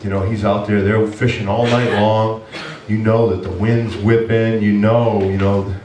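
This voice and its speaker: A man preaching as pastor, telling a story in an animated, self-mocking way and acting out his own complaints. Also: on the low side, unhurried, noisy background. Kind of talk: storytelling sermon. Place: church hall. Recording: echoey room from far off.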